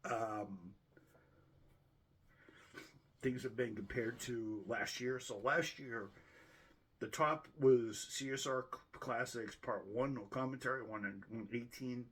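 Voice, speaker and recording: Here a man with a Boston accent runs through his channel's yearly viewer numbers in a loose, joking way, often correcting himself. His mid-range voice is fairly bright and slightly rough, with fairly even intonation and a slightly slow pace.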